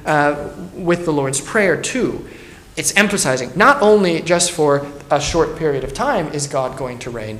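Earnest pastor in a roomy hall. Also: male voice, a little high, a bit bright. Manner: earnest, emphatic, thinking aloud with restarts. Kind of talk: Bible study teaching. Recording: roomy echo.

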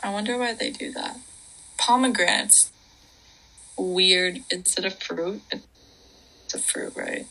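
A young woman chatting casually on a late-night livestream, her voice husky with a gravelly edge and a bright, forceful tone. She talks in a loose, giggly way and slips into hushed whispers now and then. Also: medium pitch, slow pace, long pauses, rough recording. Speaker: livestream co-host.

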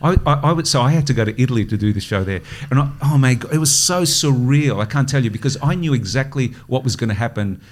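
A man with an Australian accent spins a long anecdote in relaxed podcast chat. He talks at a mid pitch and stops and restarts often, acting out the people in his story. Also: fast, hardly any pauses. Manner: animated anecdote-telling, lots of restarts and acted-out quotes. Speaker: podcast guest, comedy writer and producer.

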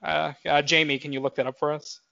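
A man's voice: fairly high pitch, little pitch movement, fairly quick, gravelly, sharp tone, no echo, muffled recording. Rambling young man on a dry podcast mic. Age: 20s. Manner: rambling, filler-heavy, self-correcting. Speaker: podcast co-host. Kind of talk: casual chat.

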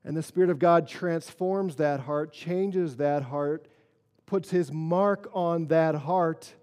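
A man preaching a sermon as pastor, earnest, moving between quiet solemn stretches and emphatic rises. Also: a little high, slow, big-room sound.

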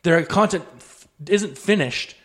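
A man's voice: high-pitched, a little slow, slightly rough. A man co-hosting a podcast in casual chat, explaining his points earnestly at length and swearing casually. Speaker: podcast co-host.

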